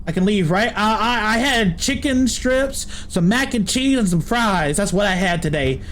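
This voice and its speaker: A man's voice: high voice, animated, moderate pace, fairly bright tone, slight background noise. A man streaming a game, making offhand, chatty asides between the game lines. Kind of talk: casual gameplay commentary.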